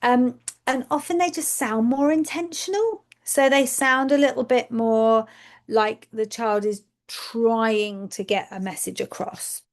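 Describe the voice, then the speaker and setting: A woman with a somewhat high voice talks educators through a webinar as a speech and language therapist. She explains step by step, often asks her listeners "okay?" and repeats words for emphasis. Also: fairly even intonation, unhurried.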